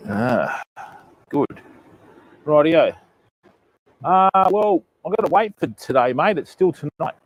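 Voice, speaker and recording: An Australian man with a slightly high voice runs a relaxed fishing live stream from a beach in the dark. He greets viewers one by one and calls them mate and bud, in an easy, friendly way. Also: takes it slowly, pauses often, rough recording. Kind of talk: casual live stream chat. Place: remote beach at night, outdoors.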